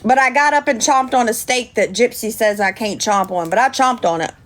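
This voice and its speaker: A woman's voice: on the high side, brisk. A woman chatting on a livestream, indignant, thanking viewers by name. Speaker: livestream host. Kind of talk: casual livestream chat.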